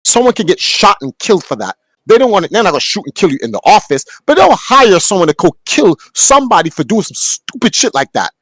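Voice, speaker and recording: Brief: young male podcast host, blunt profane rant, higher voice, dry close mic. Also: sing-song, fast, few pauses, a bit bright, no room sound, poor audio. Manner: blunt, profane, rising to heated outbursts. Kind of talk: casual ranting monologue. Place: home room.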